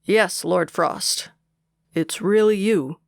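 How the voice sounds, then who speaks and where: A man voicing a haunted, guarded young male warrior in an audiobook, with tense, clipped replies and a gravelly voice. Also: high voice, slow pace, dry recording, studio quality, heavily acted. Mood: strained. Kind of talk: audiobook character dialogue.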